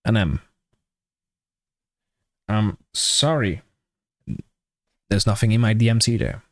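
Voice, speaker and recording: A man's voice: on the low side, slow pace. A young man with a Dutch accent chatting casually and jokingly with viewers on a live stream, swearing freely. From Netherlands.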